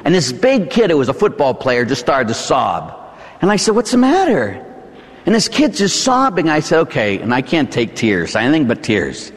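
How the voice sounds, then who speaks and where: A male Catholic priest with a Pittsburgh accent preaches in a conversational, folksy style, tossing in tag questions as he talks. His pitch swings widely and lively. The sound carries a long church reverb. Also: moderate pace. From Pittsburgh, United States. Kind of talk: sermon.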